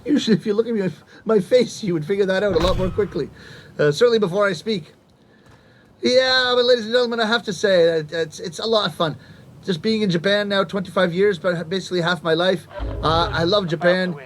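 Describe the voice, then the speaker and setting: Animated comedian around fifty, high voice, stage storytelling with acted-out punchlines. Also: male voice, fairly quick, slight background noise. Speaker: rakugo comedian. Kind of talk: stand-up storytelling to a live audience.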